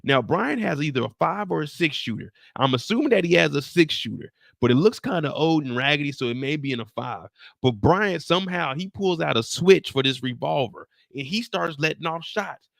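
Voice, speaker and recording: Gravelly, bright-voiced man recapping a show. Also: a little high, expressive, a little fast, no echo, clean studio sound. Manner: acts out scenes with sound effects and personal anecdotes; profane, slangy. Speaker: host recapping a TV episode live. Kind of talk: animated storytelling recap.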